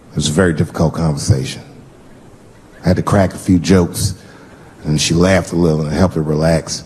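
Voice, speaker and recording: A male stand-up comedian telling a story on stage, animated and punchy, swearing freely and jumping into voices, recorded live with audience noise. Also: very deep voice, brisk, pauses often.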